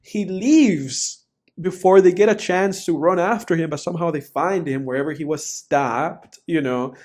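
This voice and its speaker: Higher-voiced guy rambling about a movie on a podcast, lots of "like" and "you know". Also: normal speed. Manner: rambling, animated, frequent fillers like "you know". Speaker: podcast co-host. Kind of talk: casual film review chat.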